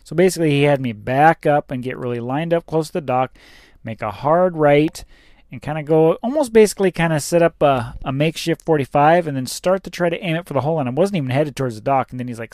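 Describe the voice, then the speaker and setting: A chatty male trucker rambles through a story about his day, swearing now and then. His voice sits a little high for a man. The recording is very dry and close, with no room sound. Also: fast, a little mellow, dry recording. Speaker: truck driver. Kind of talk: casual vlog storytelling.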